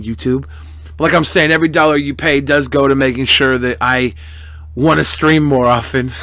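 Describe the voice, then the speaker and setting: A man's voice: medium pitch, a bit bright, no echo. A young man live-streaming, thanking donors in crude, profane, mock-angry banter with his chat. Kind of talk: casual live-stream chat reading donations.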